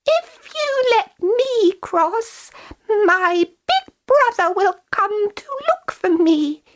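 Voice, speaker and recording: Woman doing a squeaky pleading little goat. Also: sing-song, drawn-out words, heavily acted. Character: tiny timid young male billy goat.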